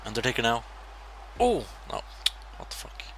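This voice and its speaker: A young man giving casual, excitable commentary over a wrestling video game as he plays, swearing and laughing at his own slips. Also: medium pitch, moderate pace, noisy background. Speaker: gameplay commentator.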